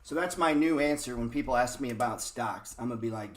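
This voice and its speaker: A man's voice: medium pitch, fast talker, few pauses. A man giving a casual, blunt market lesson over a screen share, swearing often and firing rhetorical questions at viewers. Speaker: trading educator. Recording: roomy echo.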